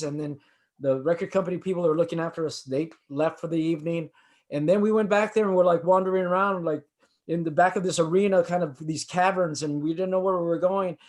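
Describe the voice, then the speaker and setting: A man's voice: fairly high pitch, a little mellow. Rambling older man telling road stories. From East Los Angeles. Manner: rambling, halting, with many restarts and fillers. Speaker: musician guest. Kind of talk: casual chat, storytelling.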